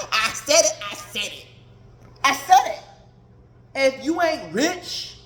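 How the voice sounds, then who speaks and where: A woman's voice: high-pitched, a bit bright. A woman hosting a podcast, ranting in a blunt, profane casual monologue. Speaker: podcast host. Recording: roomy echoey recording.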